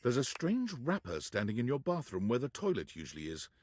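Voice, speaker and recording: A man's voice: medium pitch, huge pitch swings, a little fast, darkish tone, a little hiss or hum. A man narrating a video game in a dry, sardonic way. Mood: wry. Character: wry male game narrator.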